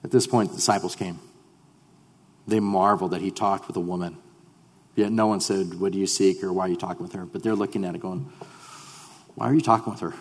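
A man preaching a sermon as pastor. He drops to hushed tones, then rises to loud, fervent declarations. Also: deep voice, fairly even intonation, brisk, long pauses, in a large hall.

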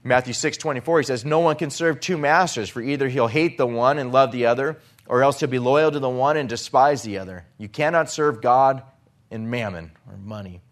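A man's voice: mid-range voice, brisk. A man preaching a sermon, earnest and building to emphatic peaks when he quotes scripture.

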